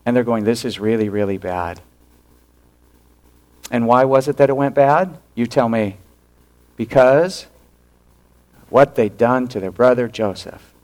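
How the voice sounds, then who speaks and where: Male pastor, unhurried sermon delivery, acts out the characters' lines, sudden hushed asides. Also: mid-range voice. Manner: animated storytelling, acting out quoted lines.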